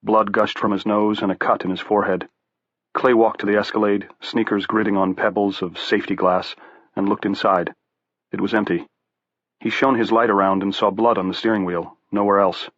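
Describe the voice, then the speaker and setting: A lowish-voiced man tells a horror story in scripted audiobook narration, holding a level tone at an unhurried storytelling pace. The recording is close and dry, its highs muffled, with no room sound at all.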